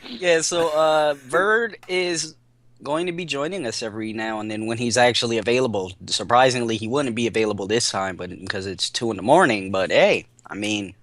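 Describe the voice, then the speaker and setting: A young man hosts a podcast in a bright, giggly manner at a middle pitch. His voice sounds dry and close, with no room around it. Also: moderate pace, dry recording. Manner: upbeat, giggly, playful. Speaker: podcast host. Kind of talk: casual podcast chat.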